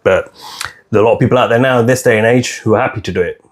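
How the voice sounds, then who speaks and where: A man's voice: on the low side, very fast. A man hosting a podcast, speaking in a heated, preachy way and repeating his points. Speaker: podcast host. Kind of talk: casual opinionated podcast chat.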